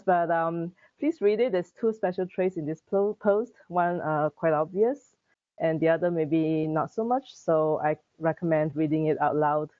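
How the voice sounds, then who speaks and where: A woman's voice: low-pitched, dry recording. A woman gives a community update in a friendly, chatty way and sometimes stumbles and restarts. Her voice sounds thin and phone-like, with a dry, close sound over a video call. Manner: friendly, chatty, laughs easily, some restarts. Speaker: community manager giving an update. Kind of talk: casual meeting update.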